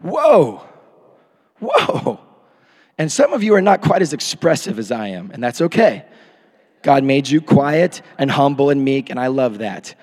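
A man in his thirties preaching a sermon into a microphone, swinging from hushed asides to shouted peaks. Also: medium pitch, lively intonation, moderate pace. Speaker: pastor. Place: church hall. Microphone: handheld or podium microphone. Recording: long hall reverb.

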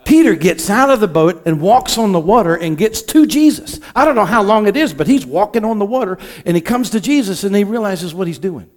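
High-voiced impassioned male pastor. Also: lively intonation, a little fast, few pauses. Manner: impassioned, swings between hushed and loud. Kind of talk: sermon.

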